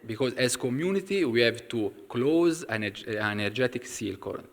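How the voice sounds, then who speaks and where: A man with an Italian accent giving an informal talk to a class, pausing often and searching for words in English. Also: mid-range voice, lively intonation. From Italy. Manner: halting, searching for English words with many fillers. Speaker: community member sharing a story. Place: temple hall.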